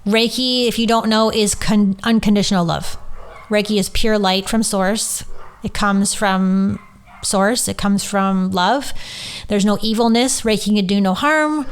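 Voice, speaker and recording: A woman's voice: mid-range voice, measured pace, smooth. A woman hosting a podcast, candidly telling a personal story with strong emotion, holding back tears and swearing freely. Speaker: podcast host and Reiki teacher.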